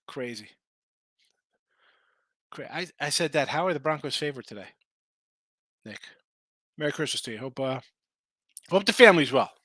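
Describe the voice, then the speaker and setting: A man's voice: medium pitch, animated, unhurried, long pauses, fairly bright tone, no room sound. A man hosting a live sports betting show, tired and losing his voice, chatting casually about point spreads and answering viewers in the chat.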